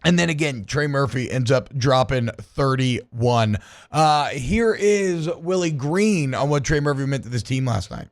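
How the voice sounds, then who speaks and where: A man's voice: medium pitch, expressive, a little slow. A man hosting a sports radio show in a studio, chatting casually with many restarts and jokes. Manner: rambling, jokey, many restarts.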